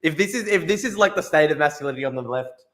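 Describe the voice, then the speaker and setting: A man's voice: a little high, expressive, a bit bright. Blunt, swearing young male streamer. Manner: blunt, swearing, quick asides; repeats phrases, restarts. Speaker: livestream host. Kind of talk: casual livestream commentary reading chat.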